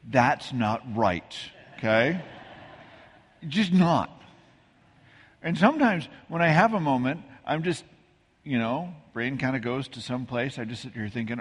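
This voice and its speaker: Husky-voiced man preaching in a reverberant church. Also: medium pitch, animated, moderate pace. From American Midwest. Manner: conversational, self-deprecating storytelling with asides. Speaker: pastor. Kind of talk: sermon. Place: church sanctuary.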